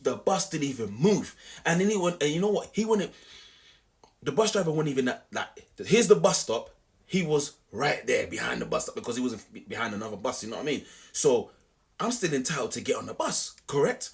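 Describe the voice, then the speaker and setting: A young man telling a story to camera in an animated, slangy, repetitive way. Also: medium pitch, a little fast, creaky. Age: young adult. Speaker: vlogger.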